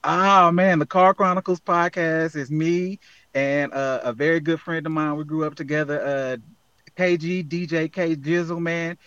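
A man with a fairly high voice speaks as a guest in a relaxed interview. He sounds earnest and motivational, talking from the heart. The recording is dry and dull, with a lo-fi edge. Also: normal speed, clean tone, no room sound. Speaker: guest, app founder. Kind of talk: casual interview conversation.

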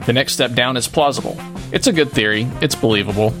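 A man co-hosting a podcast, calmly explaining in casual chat. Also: mid-range voice, quick pace, music in the background. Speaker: podcast co-host.

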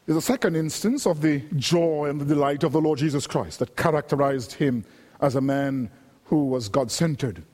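A man with a high voice preaches a sermon, measured and emphatic, stacking repeated phrases as he builds each point. His voice rings out with a long reverb, as if in a church hall. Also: a little mellow, husky.

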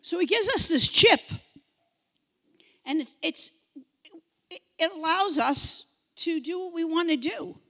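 A woman in her sixties preaching a sermon, animated, imitating beeping sounds and repeating phrases for emphasis. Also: extremely high pitch, unhurried, long pauses, big-room sound. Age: 60s.

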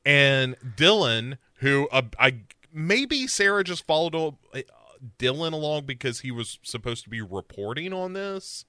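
A man's voice: on the high side, big pitch swings, unhurried, sharp tone, smooth, no room sound, studio quality. A man co-hosting a podcast, recapping a TV show in casual chat, joking and laughing often. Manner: joking, laughs often, mimics characters in silly voices. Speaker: podcast co-host.

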